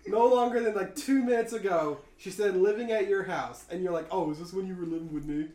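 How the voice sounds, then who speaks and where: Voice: mid-range voice, fairly quick, few pauses, dark tone, roomy sound, recorded from a distance. A podcast co-host who teases and swears, full of sarcastic jabs. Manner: sarcastic, teasing, swears a lot. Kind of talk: casual podcast chat.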